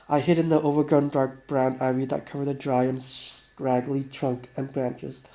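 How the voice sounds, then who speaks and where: A man's voice: medium pitch, level tone, normal speed, few pauses, mellow. A man playing a survival game, reading its story text aloud with casual asides and frequent self-corrections. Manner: casual, stumbling over words and self-correcting. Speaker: gaming YouTuber.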